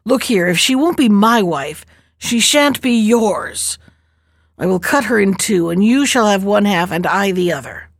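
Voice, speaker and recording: A woman's voice: medium pitch, expressive, measured pace, no echo, studio quality. A woman voicing a proud, stern male turtle war leader who talks sternly and suspiciously. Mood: angry.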